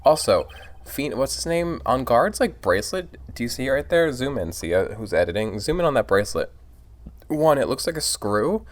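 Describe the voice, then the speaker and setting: A man's voice: medium pitch, sing-song, moderate pace. A drunk man casually rambling and giggling through a let's play, reading the game's lines aloud.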